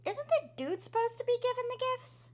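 A young woman co-hosting a book podcast, joking, swearing freely and reacting quickly. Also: extremely high pitch, expressive, mellow. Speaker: podcast co-host. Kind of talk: casual book podcast chat.

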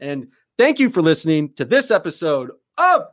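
A man's voice: on the high side, very animated, brisk, dry recording, clean studio sound. Enthusiastic, goofy male podcast host. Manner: self-described eccentric goofball, rambling and enthusiastic. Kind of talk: casual chat.

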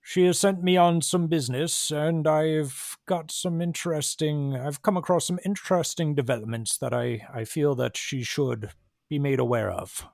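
A man's voice: a little high, normal speed, creaky, darkish tone, no echo, clean studio sound. A man voicing a formal, patronizing male vampire doctor in a tabletop game. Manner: prim, polite, patronizing.

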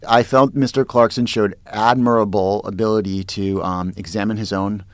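A man co-hosting a podcast, chatting casually and wryly about a TV drama, with a raspy voice and frequent restarts. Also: lowish voice, fairly even intonation, normal speed, no room sound. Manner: wry, teasing, restarts often. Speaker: podcast co-host. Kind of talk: casual chat recapping a TV drama.

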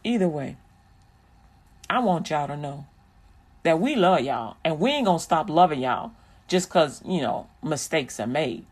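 This is a vlogger in sermon mode, repeating encouragement line after line the way a preacher builds a point. The voice sits at a middle pitch, neither high nor low. The key phrases are drawn out slowly and warmly. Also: sing-song. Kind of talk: preachy inspirational commentary.

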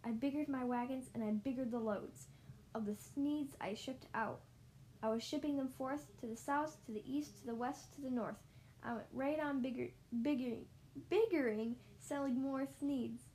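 Woman narrator, rhyming storybook read-aloud, sing-song rhythm, slightly high voice. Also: fairly even intonation, a little mellow, a little hiss or hum, rough recording. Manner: rhythmic, sing-song rhymed reading, slowing for emphasis. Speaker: storybook reader.

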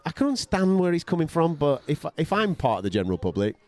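A man co-hosting a podcast, chatting about boxing in an excitable, teasing way and calling his co-host mate. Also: fairly high pitch, quick pace, slight background noise. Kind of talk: casual boxing chat.

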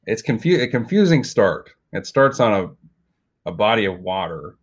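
A man co-hosting a comedy podcast, riffing through an absurd story in a rambling, animated way. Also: on the low side, moderate pace, husky. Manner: rambling, animated, repeats himself. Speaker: podcast co-host.

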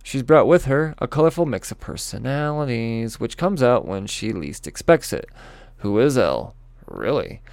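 A man's voice: mid-range voice, big pitch swings, moderate pace, gravelly, darkish tone, no echo. A man rambling casually through comic previews, stumbling over names, swearing and joking at his own expense. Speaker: comics vlogger.

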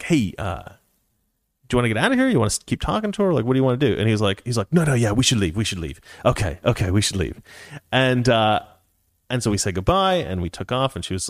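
A man shares a casual anecdote in a middle-pitched voice that swoops up and down as he acts out everyone he quotes. He chuckles as he goes, and the recording is dry and close with no room sound. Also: dry recording. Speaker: storyteller.

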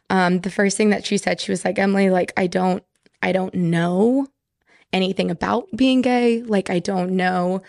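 A woman's voice: mid-range voice, creaky, darkish tone, dry recording, studio quality. A young woman from Texas, a podcast guest telling a personal story in casual chat, full of "like" fillers.

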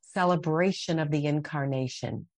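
Earnest low-voiced middle-aged woman. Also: darkish tone, no echo. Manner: earnest, heartfelt, halting restarts. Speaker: podcast guest. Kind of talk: conversational interview.

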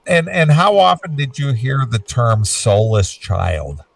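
A man's voice: medium pitch, very animated, slow pace, creaky, no room sound, distant mic. A man co-hosting a radio show in casual chat, musing and laid-back, often repeating himself.

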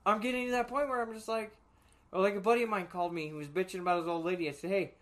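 Man, bright voice, slightly high, swearing, laughing, casual storytelling. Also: steady tone, very fast.

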